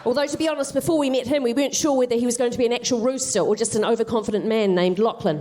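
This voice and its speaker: A woman's voice: a little high, rapid-fire, hardly any pauses, mellow, slight background noise. A woman doing live stand-up, telling a comic fairy tale with wry, self-deprecating asides. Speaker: stand-up comedian.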